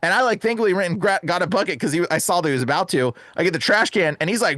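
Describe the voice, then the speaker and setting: A young man, a guest exorcist, telling a story in casual chat, animated and acting out the voices, saying "bro" a lot. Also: high voice, fast talker, few pauses, no room sound. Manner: says "bro" and "like" often.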